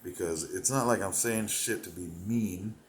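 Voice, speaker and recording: A man with a fairly low voice rambles through a profane comedic monologue, drifting from thought to thought and chuckling to himself. He lurches between sudden loud bursts and half-mumbled asides. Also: moderate pace, roomy sound, a little hiss or hum, low-quality recording. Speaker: comedic performer.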